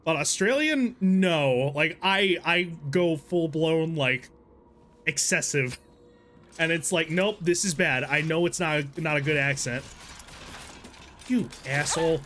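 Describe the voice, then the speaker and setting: A man live-streaming a horror game, chatting in a rambling, self-deprecating way and breaking into yelling and swearing at the game. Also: fairly high pitch, measured pace, soft background music. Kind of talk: casual live gameplay commentary.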